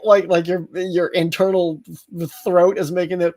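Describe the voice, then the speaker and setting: A middle-aged man hosting a casual livestream chat, telling stories with lots of laughter and acted-out yells. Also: sits high, flat delivery, normal speed. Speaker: host.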